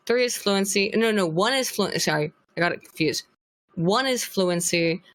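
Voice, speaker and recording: A woman's voice: mid-range voice, expressive, normal speed, a bit bright. A woman chatting as a guest on a podcast, talking bluntly and swearing freely as she rambles on. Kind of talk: casual podcast chat.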